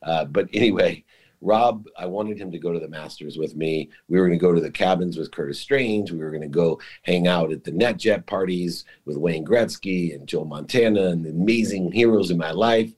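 A man's voice: sits low, normal speed, a little mellow, husky. A middle-aged man, a guest in an interview, telling an emotional, confessional story about his life.

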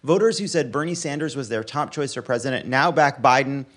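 A man's voice: mid-range voice, a little fast, fairly bright tone. A man hosting a political talk show, arguing passionately in long runs of points. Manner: impassioned, listing arguments in long runs. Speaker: podcast host. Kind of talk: casual political commentary.

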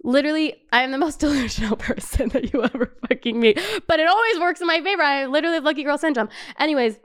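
Animated young woman telling wild stories. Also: sits high, fast talker. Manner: animated, laughs often, swears freely. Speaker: podcast host. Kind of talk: casual storytelling.

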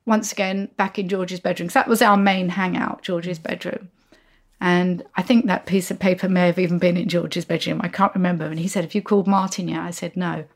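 A woman in her sixties, a podcast guest telling lively anecdotes and acting out the voices of people in her stories. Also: on the low side, fairly quick. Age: 60s. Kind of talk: anecdotal storytelling.

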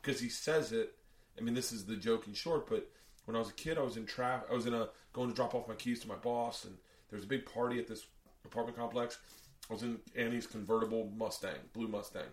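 A man's voice: medium pitch, fairly even intonation, quick pace, recorded from a distance. Profane storytelling man in a roomy space. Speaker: podcast host and comedian. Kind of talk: casual storytelling chat.

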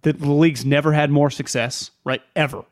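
Man, slightly raised pitch, casual sports banter, opinionated, quotes stats. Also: steady tone. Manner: rapid opinionated riffing with stats. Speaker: podcast co-host.

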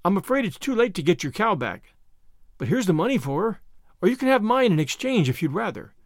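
A man's voice: high-pitched, sing-song, fairly quick, no echo, studio quality. A man reading aloud and voicing an impulsive teenage girl who talks in earnest, gushing runs. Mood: earnest, apologetic. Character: eager talkative teenage girl, impulsive and apologetic.

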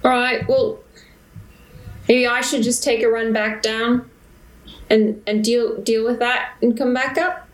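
A woman player chats casually at a game table. She speaks slowly, in a rather high and flat voice. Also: roomy sound, low-quality recording. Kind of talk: casual chat.

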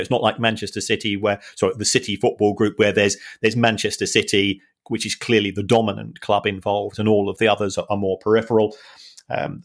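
Gravelly low-voiced man analysing football finances. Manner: analytical, wry, halting with restarts. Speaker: podcast co-host and finance analyst. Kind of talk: casual podcast chat.

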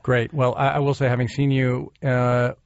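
A man hosting a podcast, chatting and teasing his guest in a halting way full of fillers. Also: mid-range voice, little pitch movement, creaky, no echo, dull audio. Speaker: podcast host. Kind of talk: casual interview chat.

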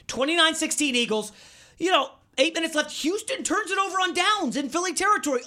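An excitable man hosts a sports betting podcast and tells his stories with a lot of energy. His pitch swoops up and down widely as he talks. His voice has a bright, forceful edge. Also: fairly quick. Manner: excitable, animated storyteller. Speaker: podcast host.

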